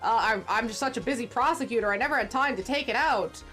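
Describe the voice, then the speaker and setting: A woman's voice: on the high side, normal speed, natural voice. A haughty older prosecutor with a cold, sneering drawl, put on by a woman. He turns vicious and bellows when cornered, straight from a courtroom video game. Faint music plays underneath. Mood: mocking. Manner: haughty, sneering, erupting into furious shouts. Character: arrogant older male chief-level prosecutor, vengeful.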